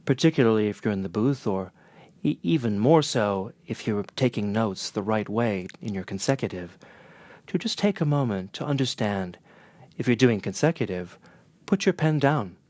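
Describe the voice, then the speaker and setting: A man with a Northern American accent, an interpreter teaching in a measured, earnest way. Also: lowish voice, a little mellow, no echo. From northern United States. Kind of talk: scripted lesson to camera.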